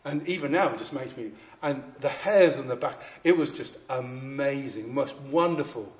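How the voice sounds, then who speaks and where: A man's voice: medium pitch, lively intonation, moderate pace. A man preaching a sermon, emphatic and repeating phrases for effect. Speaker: visiting preacher. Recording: echoey, slightly dull hall recording.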